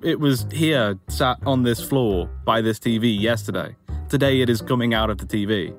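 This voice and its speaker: A young adult man from England, telling a personal story in an animated, casual way full of "like" and "you know". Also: medium pitch, normal speed, soft background music. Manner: animated, casual, filler-laden. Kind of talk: interview storytelling.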